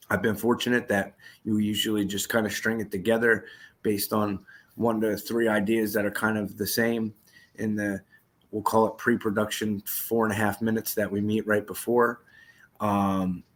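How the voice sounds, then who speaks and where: A man's voice: fairly low pitch, a bit bright. A man in his forties, co-hosting a podcast, tells rambling stories in casual chat, swearing often and laughing as he talks. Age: 40s. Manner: profane, laughing, rambling storytelling. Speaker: podcast co-host.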